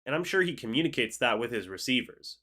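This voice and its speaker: Speaking quickly and very animatedly, he sounds pushed and bright in his mid-range voice. He's a young man stuffed up after the flu, easygoing and talkative as he reads and responds to viewer comments on a sports livestream.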